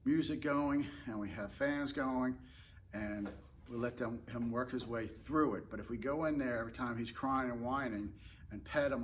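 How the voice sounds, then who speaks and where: A man who trains dogs, talking in a relaxed, rambling way and explaining tips casually with fillers and restarts. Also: mid-range voice, normal speed, slight background noise. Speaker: dog trainer. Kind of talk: casual instructional talk.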